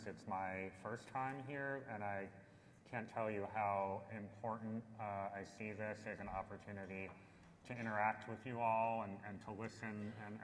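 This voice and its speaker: Low-pitched man speaking on a panel in a hall. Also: a bit bright. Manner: earnest, gracious, with uh fillers. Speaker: panelist, agency official. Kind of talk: conference panel remarks. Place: large conference hall. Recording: hall reverb, faint background noise.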